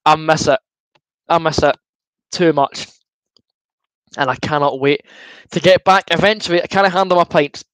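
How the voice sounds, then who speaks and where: A young Scottish man with a high voice hosts a football watchalong stream and chats his way through the viewer comments. He sounds good-humoured and a little queasy from gulping fizzy juice, and the sound is dry and close. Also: fairly even intonation, moderate pace, pauses often, fairly bright tone, clean tone, no room sound, low-quality recording. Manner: chatty and good-humoured, reads out comments and answers them. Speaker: livestream host. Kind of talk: casual watchalong chat, reading viewer comments.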